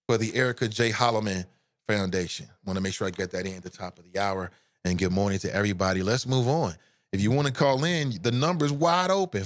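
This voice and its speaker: A man hosting a live call-in radio show, chatting with listeners in an animated, joking way that turns earnest. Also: medium pitch, no echo. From United States.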